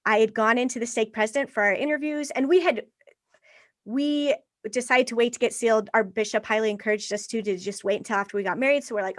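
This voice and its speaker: A woman in her thirties talks openly as a podcast guest, her voice sitting a little high and sounding close and dry. She speaks with animation, often slipping into lively quoted voices as she recounts her own thoughts. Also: a little fast, no room sound. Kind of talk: candid interview conversation.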